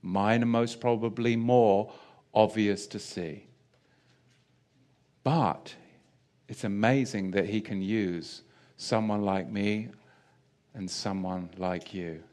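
A man's voice: on the low side, fairly even intonation, slow pace, pauses often, a little mellow. A man preaching a sermon in a chatty, self-deprecating way with jokey asides. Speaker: pastor.

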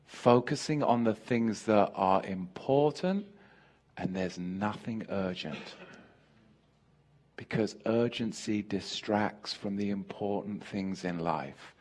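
A man's voice: lowish voice, slow, a little mellow. An American man preaching a sermon, emphatic, joking and laughing with his congregation.

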